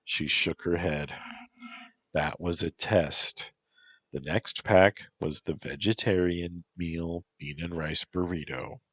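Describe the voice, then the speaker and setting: A man with a very deep, husky voice reads a story slowly and with measured calm. The sound is dry and close, with no room around it. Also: no room sound. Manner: slow, measured. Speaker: narrator. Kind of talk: storybook reading.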